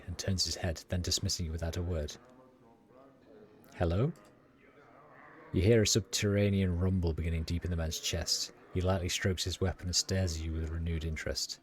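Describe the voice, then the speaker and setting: A man's voice: low voice, fairly even intonation, normal speed, a little mellow. A man streaming a game, reading its dialogue and narration aloud in his own casual voice, with ums and uhs. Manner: reads every part in his own plain voice, with fillers. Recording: music playing behind.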